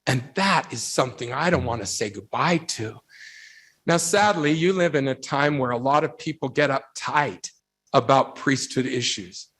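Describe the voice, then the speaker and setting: A man's voice: mid-range voice, normal speed, breathy edge. A man giving a storytelling devotional talk to young people. He acts out the voices in his anecdotes and builds his point through rhetorical questions and emphatic repetition. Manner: animated storyteller who acts out quoted voices. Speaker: youth speaker.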